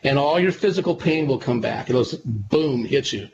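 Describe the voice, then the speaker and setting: A man, a psychic medium guest on a radio interview, telling stories in a relaxed, rambling way and repeating himself. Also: medium pitch, normal speed. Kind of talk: conversational radio interview storytelling. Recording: dull lo-fi sound with clear background noise.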